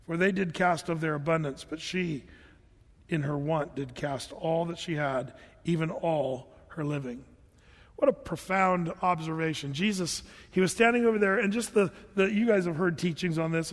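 A man pastor giving a conversational sermon, repeating words as he goes and reading scripture slowly and earnestly. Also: a little high, big-room sound.

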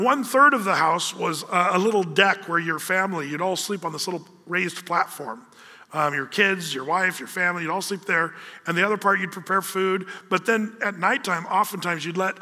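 A long hall reverb hangs after each phrase as a male pastor preaches. He's an animated storyteller who acts out his characters' voices, and his own voice sits high and very bright.

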